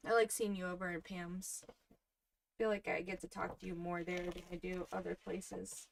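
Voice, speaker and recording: A woman in her thirties hosting a crafting livestream, chatting softly and casually with her viewers while she works. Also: on the low side, level tone, normal speed, gravelly, slight background noise. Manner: soft-spoken, chatty, talks to viewers in the chat.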